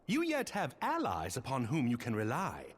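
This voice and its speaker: A man's voice: medium pitch, wildly swooping pitch, moderate pace, breathy edge. An actor playing a courtly, formal nobleman in a video game, with gracious, old-fashioned phrasing. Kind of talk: game voice acting.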